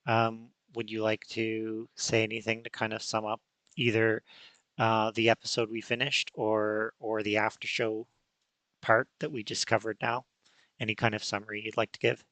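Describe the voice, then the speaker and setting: A male podcast host who is losing his voice, talking in a halting way with many restarts. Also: on the low side, monotone, fairly bright tone, dry recording. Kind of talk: casual unscripted chat.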